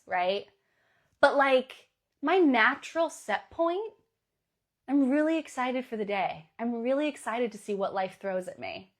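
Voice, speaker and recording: A woman coach giving an emphatic motivational pep talk at an unhurried pace, stretching out her words. Her fairly high voice swings widely in pitch and breaks into bursts of excitement. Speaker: astrologer and coach.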